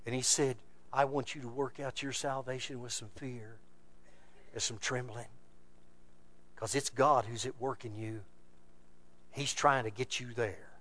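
A man preaching a sermon, moving between loud, emphatic bursts and low, quiet passages. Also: steady tone, a little slow, long pauses.

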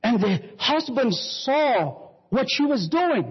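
A man preaching a sermon, slowly telling a story and quoting scripture. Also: very high voice, sing-song, breathy edge. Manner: slow, sweeping preaching with Bible quotes. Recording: dull reverberant hall recording.

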